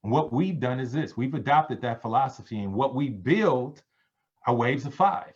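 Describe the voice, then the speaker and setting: A man giving a sales pitch on a conference call, preachy, calling his listeners family. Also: animated, moderate pace. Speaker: presenter on a business call. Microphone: conference call line. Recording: dull lo-fi call audio.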